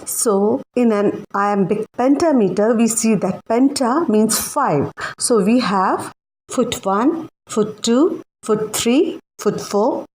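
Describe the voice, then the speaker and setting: A young woman teacher explaining a literature lesson for exams, slowly and carefully. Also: fairly high pitch, slight background noise, rough recording. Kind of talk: exam-focused literature lesson.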